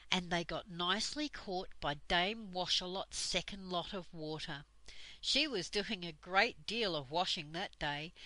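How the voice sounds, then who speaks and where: An older woman reading a children's book aloud as a storyteller, gentle and unhurried. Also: on the low side, dry recording, poor audio.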